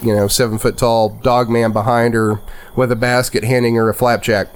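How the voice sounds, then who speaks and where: A man's voice: medium pitch, flat delivery, moderate pace, a little hiss or hum. A man running a tabletop game, describing scenes in a rambling way full of fillers. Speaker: game master.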